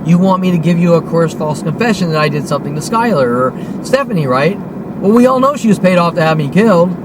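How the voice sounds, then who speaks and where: Agitated and expressive, a man of about fifty speaks quickly to camera, hurling accusations, cursing frequently and saying things over again. His voice is on the high side, with noise behind him.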